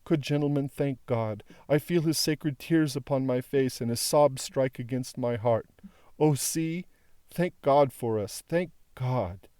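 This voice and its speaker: A man's voice: medium pitch, a little slow, darkish tone, clean tone, no room sound, clean studio sound, pitched above the performer's own voice, lightly acted. A man reading the part of a young woman who speaks tenderly and imploringly. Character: tender young woman pleading with her father.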